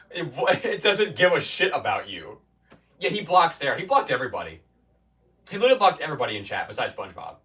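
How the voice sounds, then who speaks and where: A man's voice: on the high side, wildly swooping pitch, fairly quick, fairly bright tone, far from the mic. A man streaming from a basement gym, chatting loosely with his viewers and often restarting his sentences. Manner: rambling, restarts, mock-quotes chatters. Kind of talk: casual chat with stream viewers.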